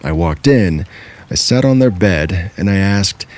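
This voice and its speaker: A man with a very low, deep voice reads true horror stories aloud. His delivery is steady and measured, like scripted narration.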